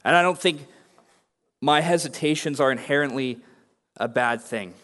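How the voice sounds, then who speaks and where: A man's voice: mid-range voice, normal speed, fairly bright tone. A young adult man preaching a sermon as a pastor, speaking earnestly and personally. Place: church sanctuary. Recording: long reverb of a large hall.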